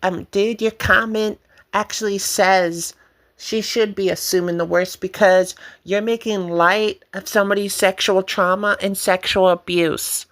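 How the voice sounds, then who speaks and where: A woman's voice: mid-range voice, fairly even intonation, a little slow, a bit bright, dry recording. A woman co-hosting a reaction show, giving blunt, indignant commentary and swearing freely. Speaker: co-host reacting to online posts.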